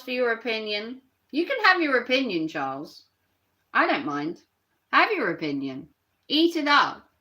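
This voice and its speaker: A woman's voice: high-pitched, bright, forceful tone. A woman ranting on a live stream and reacting to her chat, sarcastic and mocking.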